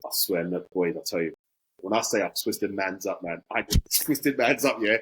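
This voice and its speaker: A man's voice: low-pitched, moderate pace, fairly bright tone, slightly rough, poor audio. A man in his forties, a podcast guest telling a casual anecdote with animation and acting out both sides of conversations.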